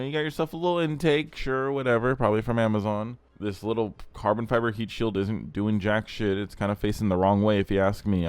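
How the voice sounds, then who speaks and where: Blunt, crude young man with a low voice. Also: clear, resonant tone, dry recording. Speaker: car channel host. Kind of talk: casual commentary.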